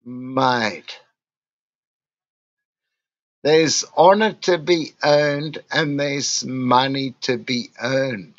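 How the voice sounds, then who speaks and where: Drunk Australian man, gravelly and slow. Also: mid-range voice, fairly bright tone, muffled recording. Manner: crude, swearing, ranting, slurred. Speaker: vlogger. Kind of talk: rambling casual monologue.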